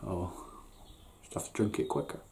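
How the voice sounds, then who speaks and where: A middle-aged man, a home brewer who hosts a channel, unboxes brewing gear in his garden brew shed, chatting casually while swearing, rambling, and making fun of himself. His voice is a little mellow and moves at normal speed. The room sounds echoey and the mic is distant.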